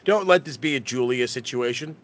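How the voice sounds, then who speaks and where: A man's voice: mid-range voice, fairly quick. A young man co-hosting a wrestling podcast, ranting and swearing a lot and often restarting his sentences. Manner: ranting, profane, lots of restarts. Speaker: podcast co-host. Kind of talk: casual wrestling chat.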